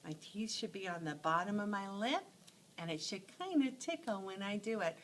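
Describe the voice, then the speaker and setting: Animated woman teaching letter sounds. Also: medium pitch, moderate pace, a little hiss or hum, low-quality recording. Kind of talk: phonics lesson storytelling.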